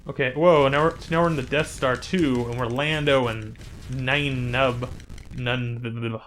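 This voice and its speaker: A man hosting a gaming channel, chatting casually and rambling through gameplay commentary with sudden excited exclamations. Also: medium pitch, moderate pace.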